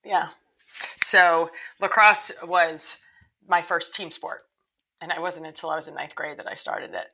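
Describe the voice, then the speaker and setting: A woman's voice: low-pitched, fairly even intonation, measured pace, creaky, bright, forceful tone, poor audio. A middle-aged woman, a lacrosse coach, telling her story earnestly in a podcast interview, with frequent restarts.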